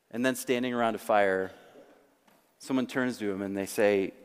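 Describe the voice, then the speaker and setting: A male pastor delivering a sermon, slowing down dramatically to stress key words. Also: on the low side, fairly even intonation, smooth. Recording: long hall reverb.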